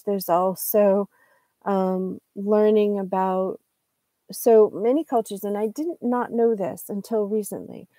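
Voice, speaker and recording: A woman teaching English in a live lesson, pausing to search for words and correct herself, with light laughs. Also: mid-range voice, dark tone, no echo.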